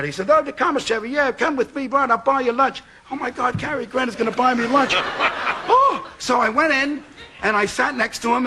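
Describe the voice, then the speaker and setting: New guy telling a funny story on a talk show, way high voice, bright and punchy, faint hiss. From New York. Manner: animated, repeats for laughs. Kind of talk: comic anecdote. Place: TV studio with audience.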